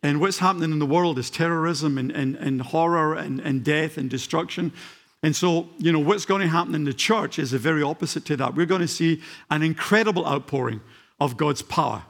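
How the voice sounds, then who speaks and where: Older Scottish preacher, fervent and halting. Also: male voice, a little high, vocal fry, a bit bright. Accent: faint Scottish. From Scotland. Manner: halting, many fillers, builds to fervent emphasis. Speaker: guest preacher. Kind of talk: sermon. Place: church.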